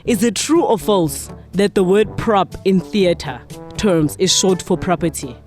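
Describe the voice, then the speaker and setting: A woman's voice: on the low side, lively intonation, measured pace, a little mellow, faint music behind. Teasing woman quiz host. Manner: teasing, laughs often. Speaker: podcast host running a quiz. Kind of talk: casual quiz chat.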